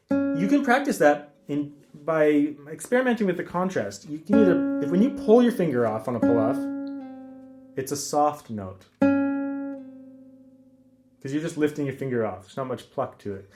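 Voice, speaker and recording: A man teaching a guitar lesson in a relaxed, casual way, counting rhythms aloud with frequent ums. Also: on the high side. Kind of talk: casual instructional talk.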